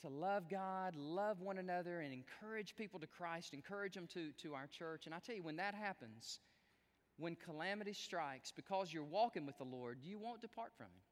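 A man preaching a sermon and telling a story, speaking straight to his congregation in an animated way. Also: high voice, moderate pace, long reverb tail. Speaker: pastor.

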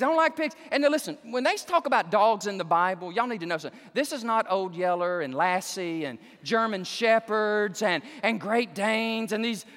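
A man preaching a sermon, animated and exclaiming, joking with the congregation. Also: high voice. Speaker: pastor. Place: church sanctuary. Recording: long hall reverb.

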